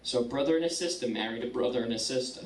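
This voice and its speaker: A woman's voice: extremely low pitch, rapid-fire, crowd noise. A woman, performing a bawdy stand-up comedy set with punchy timing. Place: comedy club stage. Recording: roomy club sound from a distance, loud audience.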